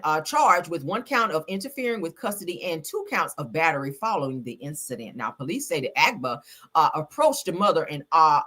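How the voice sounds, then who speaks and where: A woman's voice: lowish voice, husky. Sassy woman ranting on a livestream. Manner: sassy, animated, swearing, calls viewers baby and girl. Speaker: livestream host. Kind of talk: casual news commentary and ranting.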